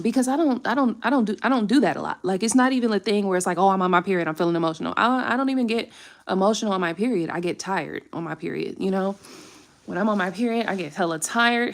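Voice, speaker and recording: A young woman, a tarot reader chatting casually and candidly on a live stream, swearing freely. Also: lowish voice.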